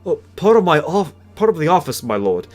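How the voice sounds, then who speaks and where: A man's voice: fairly high pitch, very animated, fairly quick, soft background music, pitched above the performer's own voice. A man voicing a nervous, fawning male village burgomaster who makes excuses to his lord. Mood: pleading. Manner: pleading, excuse-making.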